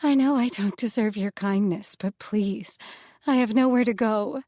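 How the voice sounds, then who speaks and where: A woman voicing a brash, shameless young female nymph in an audiobook, pleading in quick, self-reproaching outbursts. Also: mid-range voice, dark tone, no echo, clean studio sound, close to an everyday voice. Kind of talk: audiobook character voice.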